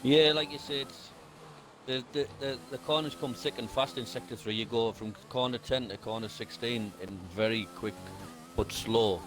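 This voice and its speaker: A man's voice: mid-range voice, fairly even intonation, moderate pace. A man co-commentating a sim race on a live stream, bantering and joking, a bit sweary. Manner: banter, jokey, slightly sweary.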